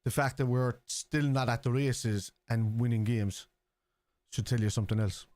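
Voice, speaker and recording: A man's voice: mid-range voice, normal speed, a little mellow, no echo. A man with a Scouse accent, hosting a football watchalong live stream, reading viewers' chat aloud and answering it in a casual, chatty way.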